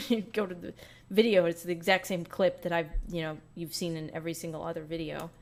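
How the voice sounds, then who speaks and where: A woman's voice: on the low side, little pitch movement, fairly quick. A woman talking casually and at length, full of fillers, as an online personality in a played clip. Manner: chatty, filler-heavy. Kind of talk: casual monologue.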